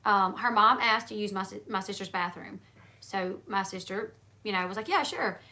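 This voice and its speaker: A woman's voice: medium pitch, fairly even intonation, moderate pace, sharp tone. A woman hosting a casual livestream chat, telling rambling stories with many fillers and restarts. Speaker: livestream host.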